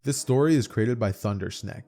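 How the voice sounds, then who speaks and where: A man's voice: lowish voice, moderate pace, over loud music. A young man narrating a story in a casual, chatty way as storyteller.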